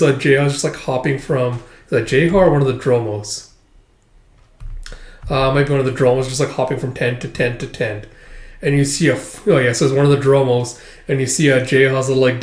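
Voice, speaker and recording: Rambling man reviewing manga in an echoey room. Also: mid-range voice. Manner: rambling, recounts pages panel by panel; shouts out character lines in a raised voice. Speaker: manga reviewer and channel host. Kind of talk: casual read-through commentary.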